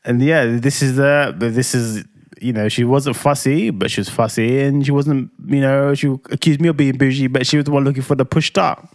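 A man's voice: steady tone, fairly quick, no room sound, studio quality. A man co-hosting a casual podcast, teasing his partner and slipping into mocking impressions. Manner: teasing, does mocking high-voiced impressions. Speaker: podcast co-host. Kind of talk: casual chat.

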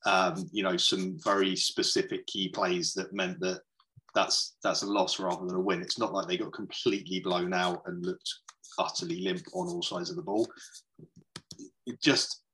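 A man's voice: low voice, fairly even intonation, normal speed, bright, forceful tone, low-quality recording. A man co-hosting a casual sports podcast, making an indignant rant about overreactions. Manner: indignant, ranting. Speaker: podcast co-host.

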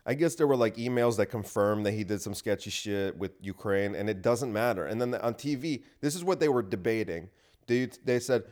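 Profane, ranting male podcaster, lowish voice. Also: brisk, darkish tone. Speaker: comedian podcast host. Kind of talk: casual solo podcast monologue. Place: home gym room.

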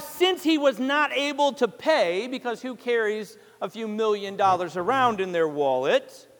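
A man's voice: very high voice, fairly bright tone, big-room sound. A man preaching a sermon as a pastor, retelling a parable as a story and putting questions to the congregation.

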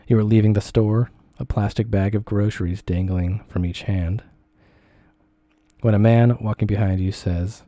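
A man reading a second-person essay aloud in a measured, deliberate way. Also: lowish voice, fairly even intonation, mellow, no room sound, clean studio sound.

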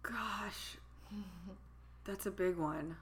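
A woman's voice: mid-range voice, drawn-out words, a little hiss or hum. A woman in her thirties, a podcast guest, telling a personal story in casual chat and acting out the voices of the people she quotes. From California. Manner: animated, acts out quoted voices.

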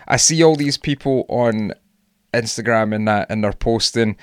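A man's voice: mid-range voice, normal speed, smooth, dry recording, clean studio sound. A young Scottish man co-hosting a podcast, ranting animatedly in casual sweary chat. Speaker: podcast co-host.

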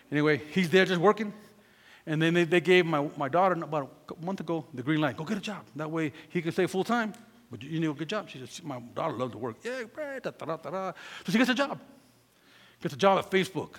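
A middle-aged man preaching, telling a personal story, acting out quotes and swinging between loud peaks and hushed asides. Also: on the high side, lively intonation, fast talker, in a large hall. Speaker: pastor.

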